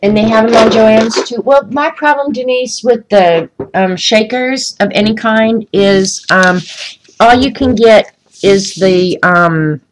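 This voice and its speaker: A woman's voice: fairly high pitch, slow pace, slight background noise, rough recording. Chatty woman ranting on a livestream. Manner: chatty, ranting, answers viewer comments by name. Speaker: livestream host coloring art. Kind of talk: casual livestream chat while coloring.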